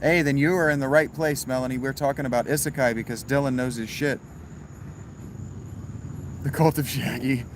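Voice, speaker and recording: Reading his livestream chat at normal speed with long pauses, a man answers in a wry, easygoing way and curses occasionally. His voice is of ordinary pitch, and a steady hiss and outdoor crickets run behind him.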